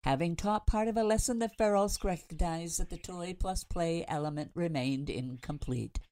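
A woman, a radio host, reading a story aloud in a measured, expressive narration. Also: lowish voice.

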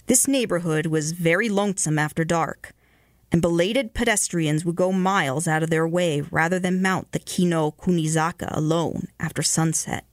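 A woman radio host reading ghost stories aloud in a measured way, slowing and hushing for the eerie parts. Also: lowish voice, no echo, studio quality. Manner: measured, slows and hushes for eerie moments.

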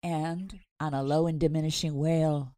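A woman, a radio host, reading a story aloud in a measured, expressive narration. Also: low voice.

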